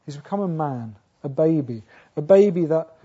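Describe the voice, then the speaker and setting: A man preaching a sermon earnestly, asking rhetorical questions, restarting phrases, rising to loud emphatic peaks and sinking low again. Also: expressive, moderate pace, breathy edge. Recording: dull lo-fi sound.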